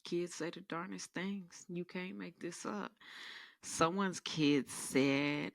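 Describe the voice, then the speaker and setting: A woman's voice: lowish voice, slow pace, vocal fry, dry recording, studio quality. A woman podcast host telling sassy, rambling comedic stories in a casual monologue. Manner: animated, rambling, sassy storytelling.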